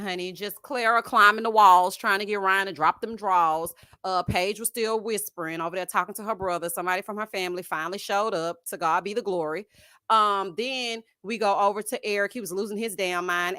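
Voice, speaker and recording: Sassy, bright-voiced woman chatting live. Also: medium pitch, no room sound, studio quality. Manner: sassy and expressive, addressing viewers as honey and y'all; laughs at her own jokes. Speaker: host of a live reality-TV review stream. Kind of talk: casual live-stream chat with viewers.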